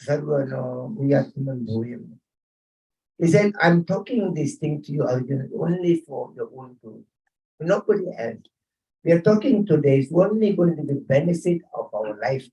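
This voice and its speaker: A man leads an informal scripture class at a home gathering, mixing chanted Sanskrit verses with chatty, chuckling stories. His voice is mellow and warm. He sounds a little distant from the microphone. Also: on the high side. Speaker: spiritual teacher.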